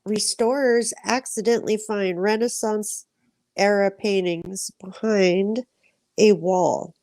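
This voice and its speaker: Mellow-voiced woman chatting casually. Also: medium pitch, steady tone, slow, no room sound. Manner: chatty, lots of "like" and "you know". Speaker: co-host. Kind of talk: casual chat.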